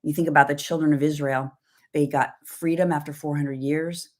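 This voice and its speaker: A woman's voice: sits low, steady tone, normal speed. Woman telling a personal devotional story. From Southern California. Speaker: co-host. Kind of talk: livestream devotional talk.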